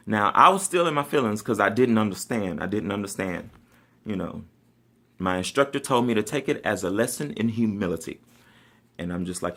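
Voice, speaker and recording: A man with a fairly low voice tells a comic story from his own life. He is animated and sassy and laughs often. His delivery swings from loud, high outbursts to low, muttered asides. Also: normal speed. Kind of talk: casual comedic personal storytelling.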